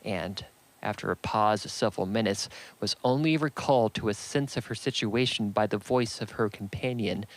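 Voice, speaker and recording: A man reading a classic novel aloud in a steady, measured narration. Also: lowish voice, poor audio. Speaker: audiobook reader.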